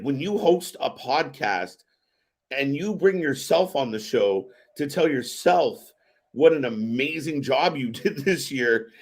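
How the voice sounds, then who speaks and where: A man hosting a live wrestling watch-party stream, giving excitable, profane reaction commentary. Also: on the high side, breathy edge. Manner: excitable and profane, swearing often.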